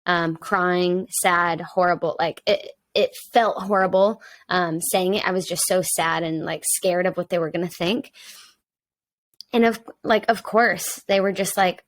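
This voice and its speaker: Candid young woman, low voice. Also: fairly even intonation, measured pace, no echo. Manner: open and personal, with many fillers like "um" and "like". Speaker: podcast guest and mentor to young women. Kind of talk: candid conversational podcast talk.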